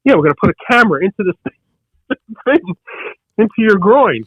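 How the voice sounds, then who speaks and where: A man's voice: sits high, breathy edge, no room sound, lo-fi sound. An older man, the hosts' father, telling a story in casual chat and acting out what others said. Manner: rapid, excited storyteller acting out others' lines.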